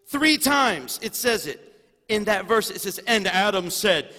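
A man preaching a sermon as pastor, animated and swinging from quiet asides to loud exclamations. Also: high-pitched, normal speed. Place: church sanctuary. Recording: long reverb of a large hall.

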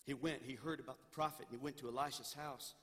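A senior pastor preaching a sermon, moving from loud pleading to quiet storytelling. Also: male voice, medium pitch, steady tone, quick pace. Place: church sanctuary. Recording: long church reverb.

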